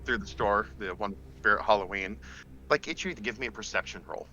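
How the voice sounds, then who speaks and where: A man running a tabletop game as game master, describing scenes and calling for rolls in a relaxed way, with frequent pauses. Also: lowish voice, dull audio, a little hiss or hum. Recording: faint music behind.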